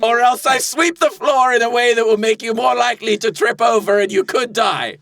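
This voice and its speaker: A man improvising a sinister dealmaker who demands a soul, drawing out his threats slowly in a comedy scene. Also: very high-pitched, creaky, a bit bright, no room sound, pitched above the performer's own voice, heavily acted. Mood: threatening. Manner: slow, drawn-out threats. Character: sinister soul-trading dealmaker, menacing and sly.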